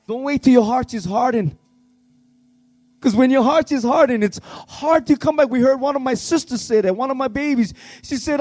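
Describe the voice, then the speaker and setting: Worship leader, man, high mellow voice, fervent and pleading, dry close sound. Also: moderate pace, no echo. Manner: fervent, pleading, swings between shouting and hushed tones. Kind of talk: impassioned youth revival sermon.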